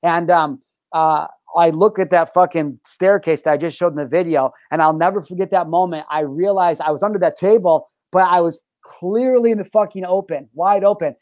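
Young guy telling a story, swears a lot, says bro, a bit high voice, dry sound. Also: normal speed, no room sound, lo-fi sound. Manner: profane, animated, says "bro". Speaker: guest. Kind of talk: casual storytelling.

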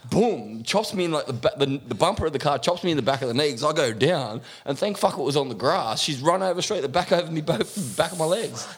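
A man's voice: fairly high pitch, a little fast, hardly any pauses, husky. An Australian man hosting a casual podcast, telling crude stories with laughter and lots of swearing. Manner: crude, laughing, animated storytelling. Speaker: podcast host. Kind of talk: casual storytelling chat.

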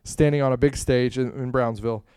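A man tells a story casually and rambles as he goes. His smooth, clear voice swings between quiet asides and loud, animated bursts. The sound is dry and close. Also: medium pitch, fairly quick, dry recording. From Florida, USA. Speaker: speaker sharing a testimony.

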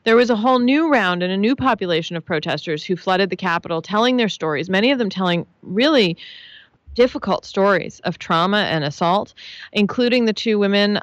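Smooth-voiced woman making an argued case. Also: medium pitch, expressive, a little fast, no echo, highs cut off. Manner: analytical, earnest, building lists of points. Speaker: interview guest. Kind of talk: radio-style interview answer.

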